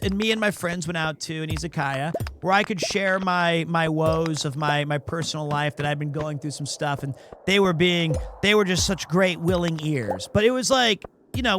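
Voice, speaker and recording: High-voiced man rambling through a story. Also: a little hiss or hum. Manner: rambling, self-correcting, animated anecdote. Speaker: streamer. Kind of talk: casual storytelling while playing a game.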